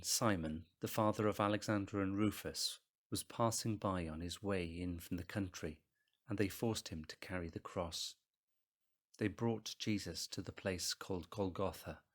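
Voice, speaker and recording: A man reading a Bible passage aloud in church, measured and steady, raising his voice for the crowd's shouts. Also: fairly low pitch. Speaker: scripture reader.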